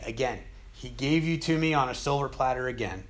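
A man teaching a casual Bible study, retelling scripture with conversational, animated storytelling. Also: medium pitch, fairly quick.

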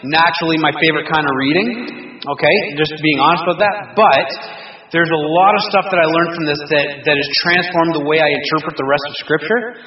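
Man leading a casual Bible study, slightly high voice, rambling and joking, heard from a distance in a roomy room with a dull sound. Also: a little fast. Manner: rambling, full of restarts, joking and chuckling. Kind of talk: casual teaching to a men's group. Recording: roomy distant dull recording with faint noise.

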